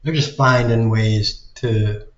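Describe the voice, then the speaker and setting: A man ranting in slow, drawn-out bursts, sarcastic and exasperated, swearing freely. His voice sits in the middle range. The recording has a roomy echo and a slightly dull, muffled tone. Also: fairly low pitch, steady tone. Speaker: video commentator. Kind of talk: casual ranting commentary.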